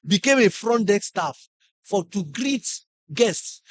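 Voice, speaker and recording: A middle-aged man with a Nigerian English accent giving a lively motivational talk to teachers, acting out classroom stories and putting questions to the audience. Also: high voice, measured pace, no echo. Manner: animated storyteller, acts out classroom scenes, asks the audience questions. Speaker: conference speaker.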